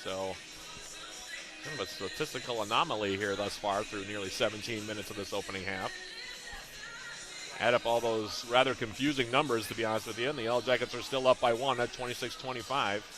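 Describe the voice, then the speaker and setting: A man calling a college basketball game play-by-play, reading out plays, scores and shooting stats in a brisk, rhythmic way. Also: fairly low pitch, over music. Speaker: play-by-play announcer.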